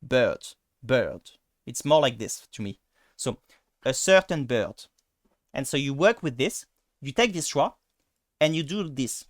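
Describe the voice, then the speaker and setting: A man's voice: on the high side, very animated, normal speed. French guy teaching pronunciation, lots of uhs and restarts, dry close mic, no room echo. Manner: hesitant, many fillers and restarts. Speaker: language teacher. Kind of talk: casual pronunciation lesson.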